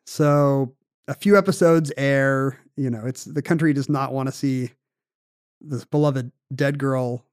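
A man co-hosting a podcast, telling a story in casual chat with animated, quick bursts. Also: medium pitch, clear, resonant tone, no echo, clean studio sound. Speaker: podcast co-host.

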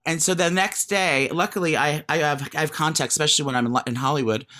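A man's voice: fairly high pitch, normal speed, bright, forceful tone. A man co-hosting a podcast, telling a story in casual chat, rambling with many restarts and giggles. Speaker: podcast co-host.

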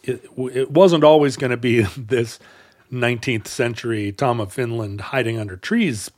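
A man's voice: medium pitch, normal speed. A man co-hosting a podcast, talking in a casual, wry way with many fillers and restarts. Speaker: podcast co-host. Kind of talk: casual chat.

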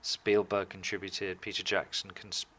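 A man being interviewed, chatting casually and telling animated stories about his work. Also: low voice, unhurried, slightly rough. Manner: animated, lively storytelling, puts on voices. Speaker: guest filmmaker.

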